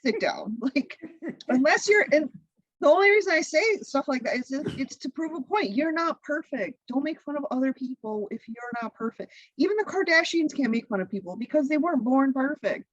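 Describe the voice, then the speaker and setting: A woman guest on a podcast, a content creator and comedian, talking in a blunt, profane, animated way. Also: high-pitched, brisk, no room sound, highs cut off. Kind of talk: casual interview chat.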